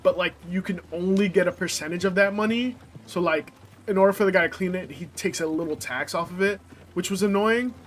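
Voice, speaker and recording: A man's voice: high-pitched, brisk, slight background noise. A young man chatting casually while streaming a game, rambling and swearing, with lots of filler words. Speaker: gameplay streamer. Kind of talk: casual chat while playing.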